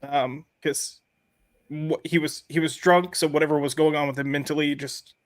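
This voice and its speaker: A man hosting a casual panel discussion, telling personal stories in an earnest, halting way. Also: fairly high pitch, fairly even intonation, dry recording. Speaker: podcast host.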